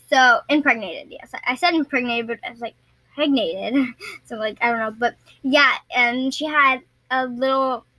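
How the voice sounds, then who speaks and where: A woman's voice: high voice, sharp tone, no room sound, low-quality recording. A young woman vlogger telling a story casually to her viewers, rambling and often stumbling and restarting her sentences.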